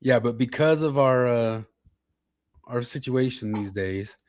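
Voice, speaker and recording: A man's voice: medium pitch, unhurried. A man hosting a casual podcast, rambling with restarts and reading chat comments aloud. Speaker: podcast host.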